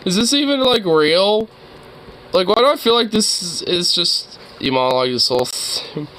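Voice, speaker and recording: A man's voice: high-pitched, expressive, normal speed, bright, forceful tone, slight background noise, low-quality recording. A young man casually reacting to a video while gaming, laughing and swearing in disbelief. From suburban Toronto, Canada. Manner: laughing, incredulous, profane. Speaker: streamer.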